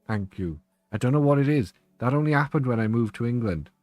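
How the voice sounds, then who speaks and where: A man's voice: mid-range voice, fast talker, darkish tone, no room sound, faint music behind. A young man, chatting and joking with viewers on a live stream, laughing often. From Wales. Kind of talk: casual live-stream chat.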